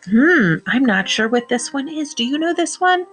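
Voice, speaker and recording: A woman teacher reading a picture book aloud to young children, slowly sounding out words and praising them. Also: high voice, sing-song, faint music behind. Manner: slow, encouraging, sounds out words.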